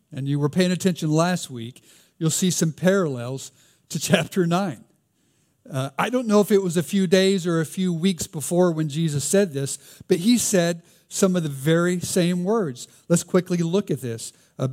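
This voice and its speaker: A man's voice: on the high side, normal speed, darkish tone. A man with a Southern US accent preaching a conversational sermon, reading scripture and asking rhetorical questions.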